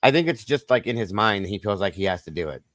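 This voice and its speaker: A man with a fairly low voice hosts a casual chat. He tells joking stories in an animated way. The sound is dry and close. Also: quick pace, dry recording. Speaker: podcast host.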